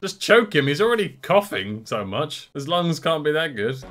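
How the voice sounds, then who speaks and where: A young man reacting to a film, excitable and laughing often, talking casually over the scenes. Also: a little high, normal speed, music in the background. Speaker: movie reaction host. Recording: film soundtrack playing behind.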